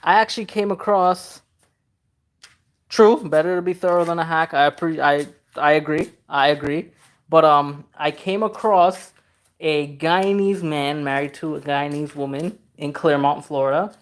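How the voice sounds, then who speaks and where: A man's voice: a little high, a little slow. A man in his thirties, born in Trinidad, hosting a casual livestream as a car customizing channel host, reading viewer questions aloud in an easygoing, chatty way with frequent laughs. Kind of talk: casual livestream chat answering viewer comments.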